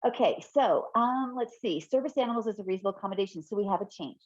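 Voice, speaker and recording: A middle-aged woman giving an online fair housing training from her home office, chatty and quick to laugh, often correcting herself mid-sentence. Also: medium pitch, animated, no echo. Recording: dull, lo-fi webinar audio.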